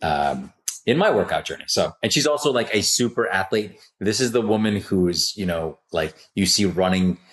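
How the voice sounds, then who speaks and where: Male podcast host, casual interview chat, enthusiastic and rambling, lower register. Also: animated, moderate pace. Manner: enthusiastic, chatty, rambling asides. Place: office.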